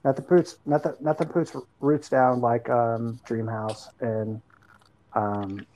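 A man's voice: mid-range voice, fairly even intonation, slow, dark tone, rough recording. A man co-hosting a casual podcast chat, blunt and given to repeating himself. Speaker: co-host.

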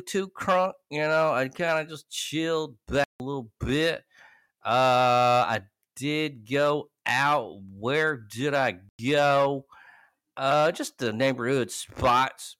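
A man co-hosting a podcast, telling a casual, profane story with lots of laughter and loud quoted lines. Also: medium pitch, smooth, dry recording, studio quality. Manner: animated, laughing, loud quoting bursts. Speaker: podcast co-host.

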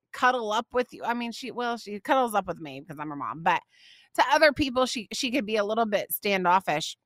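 A woman tells a family story to her podcast listeners, gushing and laughing often. Her voice is bright and a bit high, and it swings widely in pitch. The sound is dry and close. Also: no room sound. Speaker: podcast host.

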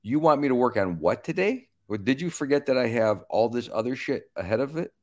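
Animated, swearing middle-aged man ranting. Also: medium pitch, a little fast. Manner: animated, profane, emphatic ranting. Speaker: comedian guest. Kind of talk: casual podcast chat.

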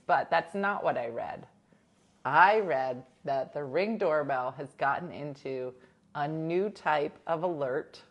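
A chatty woman hosts a casual livestream from home, spinning stories and reading viewers' comments. Her somewhat low voice swings widely in pitch as she acts out what others said. She laughs often between lines. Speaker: livestream host reading chat. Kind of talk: casual chat. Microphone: new desk mic.

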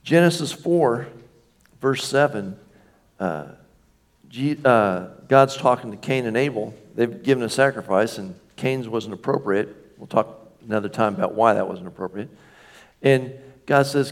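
A middle-aged man preaching a sermon as a pastor, animated and conversational, acting out little scenes with jokey asides. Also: mid-range voice, a little slow.

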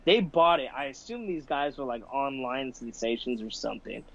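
A young man chats on a casual podcast, telling stories animatedly, laughing, swearing, and using the filler "like" a lot. His voice is medium-pitched at a normal speed, and the recording has a dull lo-fi sound.

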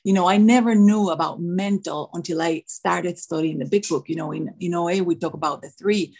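A woman's voice: on the low side, brisk, gravelly, a little mellow, slightly rough, poor audio. A woman with a non-native English accent sharing her own story at a twelve-step meeting, earnest and full of "you know" and "like". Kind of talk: personal sharing at a recovery meeting.

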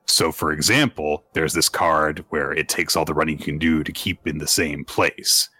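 A man with a low voice talks through a story recap on a casual podcast. His tone is bright, and the sound is dry and close. He rambles from point to point and laughs in between. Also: steady tone, normal speed, hardly any pauses, no echo. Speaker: podcast host.

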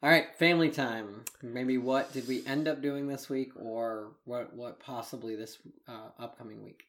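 A man's voice: medium pitch, steady tone, moderate pace, fairly bright tone. A man co-hosting a family podcast, telling a story in a rambling way with many restarts and a casual tone. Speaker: podcast co-host, father. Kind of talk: casual chat.

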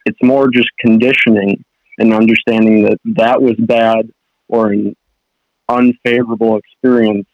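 A man's voice: fairly low pitch, dry recording. A young man, a fishing guide and guest, talking casually in a rambling way with many restarts. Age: young adult. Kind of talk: casual podcast chat. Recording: dull dry podcast audio.

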